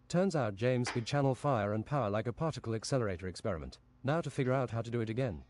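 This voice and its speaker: A man reading an absurd fantasy story aloud on a stream in a deadpan, matter-of-fact way. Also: medium pitch, fast talker, hardly any pauses, a little hiss or hum.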